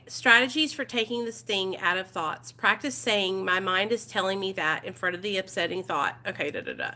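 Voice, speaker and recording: A woman's voice: mid-range voice, pushed and bright. A woman with an East Texas accent hosting a casual recovery support livestream. She reads workbook passages aloud and chats bluntly with viewers, greeting them and answering their comments.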